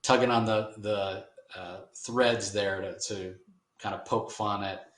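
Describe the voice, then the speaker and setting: Man, low voice, loose rambling comic recap, roomy echo. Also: steady tone, takes it slowly, fairly bright tone, a little hiss or hum. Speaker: podcast host. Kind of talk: casual comic book discussion.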